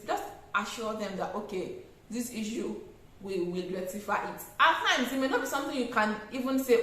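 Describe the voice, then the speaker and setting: Animated Nigerian woman in an echoey room. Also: medium pitch, brisk. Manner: animated, acts out customer exchanges, laughs often. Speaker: small business owner giving tips. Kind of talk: casual advice vlog.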